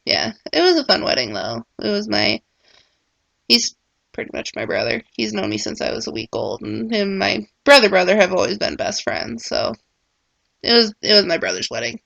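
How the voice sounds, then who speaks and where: A woman's voice: mid-range voice, big pitch swings, moderate pace, creaky, a bit bright, dry recording, muffled recording. A young woman talking casually in a personal vlog, rambling and full of filler words. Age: young adult. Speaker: vlogger.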